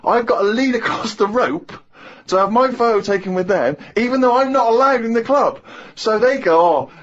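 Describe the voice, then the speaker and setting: A man's voice: very high voice, moderate pace. A man in his thirties, co-hosting a radio show and telling a funny story, acting out other people's lines and laughing as he talks. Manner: animated anecdote-telling, acts out others' lines, laughs mid-sentence. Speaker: radio co-host. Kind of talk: casual radio chat, storytelling. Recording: slightly muffled radio recording.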